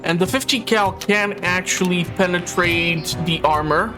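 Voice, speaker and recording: A man's voice: high-pitched, measured pace. A man hosting a casual gameplay commentary, chatty and a bit hesitant. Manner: chatty, hesitant, with filler words. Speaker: host. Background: game audio and music.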